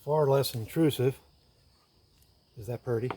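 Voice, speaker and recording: A man's voice: mid-range voice, measured pace, warm tone. Guy in his woodshop talking thru each step as he stains, clicks and shop noise behind. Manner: thinks aloud, explains each step as he goes. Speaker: woodworker and video host. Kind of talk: casual workshop narration while working.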